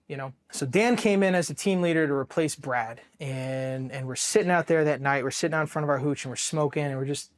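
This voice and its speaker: Male veteran, slightly high voice, profane and halting, interview storytelling, from Ohio. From Ohio, USA. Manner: raw, profane, halting with many restarts; emotionally charged, dropping quiet at painful moments. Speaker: Marine veteran telling his war story.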